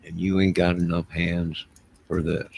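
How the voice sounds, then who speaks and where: A man's voice: low-pitched, little pitch movement, unhurried, creaky, darkish tone, a little hiss or hum. A man rambling loosely to his live chat late at night, defensive and talking straight to his viewers while wearing headphones. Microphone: wearing headphones at a desk mic.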